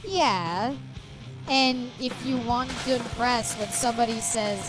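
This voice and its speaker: Slow-talking woman streamer, laughing. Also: mid-range voice, over music, poor audio. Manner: laughs often, reads chat aloud and banters. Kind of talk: casual livestream chat while gaming.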